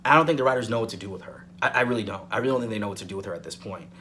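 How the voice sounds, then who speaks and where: A man's voice: fairly low pitch, racing, sharp tone, a little hiss or hum. Rambling, emphatic male soap reviewer. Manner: rambling, emphatic repetition, frequent "um". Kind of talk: casual weekly review commentary.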